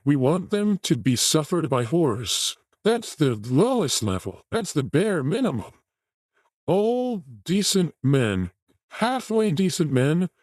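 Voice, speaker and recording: A man's voice: a little high, darkish tone, no room sound, studio quality. Crude ranting man mocking a clip. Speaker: host reacting to a video clip. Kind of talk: commentary on a clip.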